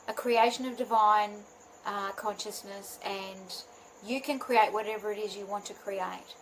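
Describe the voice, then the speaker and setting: A woman's voice: a little high, a little hiss or hum, low-quality recording. A woman who works as a spiritual healing mentor, chatting live to her viewers in a bubbly way and often laughing at herself. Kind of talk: live video chat to viewers.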